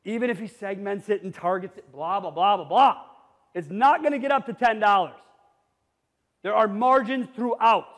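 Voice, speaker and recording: A middle-aged man giving an energetic conference talk to a live audience, blunt and jokey, sometimes rising almost to a shout. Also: sits high, moderate pace. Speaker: conference speaker. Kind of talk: energetic keynote presentation. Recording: reverberant hall.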